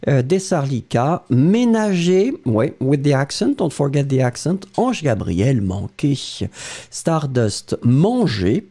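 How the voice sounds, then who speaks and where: A man with a French accent teaches a live lesson, his pitch leaping up and down as he praises answers. He talks slowly and carefully, with a dark, mellow tone, dropping "euh" between names. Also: big pitch swings. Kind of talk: live-stream language lesson, reading viewer answers.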